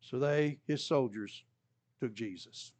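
A man's voice: slow pace, a little mellow. A man teaching a Bible study lesson in a conversational way, now and then acting out the voices in the story. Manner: conversational, acts out quoted voices with rising pitch.

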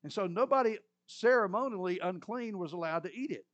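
A middle-aged male preacher retelling scripture as a story in a folksy, conversational sermon, often clearing his throat. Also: high voice, animated, a little fast, fairly bright tone, dull audio.

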